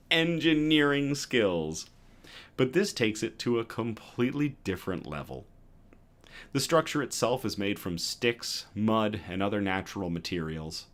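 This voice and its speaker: A man hosting a news livestream, reading stories aloud and chatting with viewers between them in a lively, self-correcting way. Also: on the low side. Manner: lively, reads chat comments aloud and self-corrects with a laugh. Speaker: news show host.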